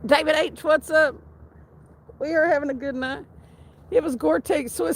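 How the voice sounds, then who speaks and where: High, gravelly woman streamer laughing. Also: steady tone, moderate pace, low-quality recording. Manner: laughs constantly while reading chat. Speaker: live streamer. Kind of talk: casual live-stream chat reading.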